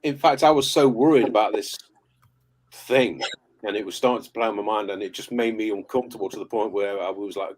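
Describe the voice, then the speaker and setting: A man's voice: lowish voice, a little fast, darkish tone, rough recording. A man, a paranormal investigator, chatting on a live call in a rambling, stop-start way full of restarts. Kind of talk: casual storytelling chat. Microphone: remote live call.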